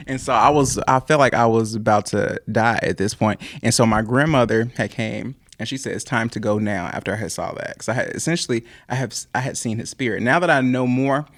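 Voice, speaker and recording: A man's voice: medium pitch, a bit bright, no echo, studio quality. Man telling a wild story with laughs. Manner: laughs often, quick rambling storyteller. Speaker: podcast guest. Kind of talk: casual storytelling chat.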